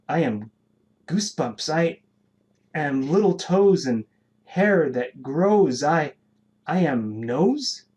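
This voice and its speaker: A man giving a live poetry reading in a slow, measured recitation with dramatic pauses. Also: medium pitch, a little mellow. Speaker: poet. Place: live poetry marathon event.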